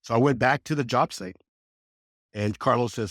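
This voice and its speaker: A man in his sixties from California, a podcast guest telling his life story in a casual, animated way and acting out the quoted dialogue. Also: normal speed, dry recording, studio quality. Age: 60s. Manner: animated, acts out quoted dialogue with lively pitch jumps. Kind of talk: conversational storytelling.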